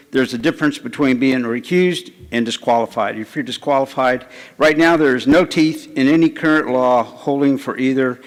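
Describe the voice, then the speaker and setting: Earnest man testifying in a reverberant hall. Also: mid-range voice. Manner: earnest and insistent, with halting restarts. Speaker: convention delegate testifying. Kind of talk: public testimony at a committee hearing. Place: large convention hall. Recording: echoey large convention hall.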